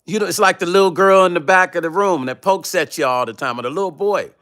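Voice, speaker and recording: Bright-voiced man ranting on a livestream. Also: sits high, fast. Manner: confrontational, profane, mocking. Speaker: vlog host reading live chat. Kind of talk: heated livestream rant.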